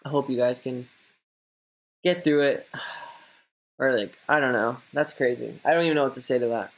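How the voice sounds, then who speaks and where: A young man reading out viewer messages on a live stream and chatting back casually, rambling and swearing a lot. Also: normal speed. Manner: mocks a high gushing voice when quoting others.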